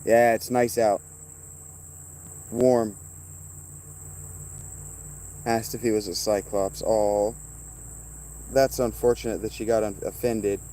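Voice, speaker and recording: A man's voice: on the low side, fairly even intonation, measured pace, pauses often, mellow, a little hiss or hum. A man streaming casually outdoors, rambling and swearing as he teases viewers by name. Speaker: streamer reading chat. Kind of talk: casual livestream chat.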